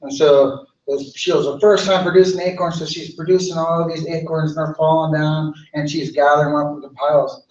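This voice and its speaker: A man, a cultural director, telling a traditional story in a relaxed way, repeating phrases. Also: fairly high pitch, a little fast, few pauses. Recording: echoey room, far mic, dull.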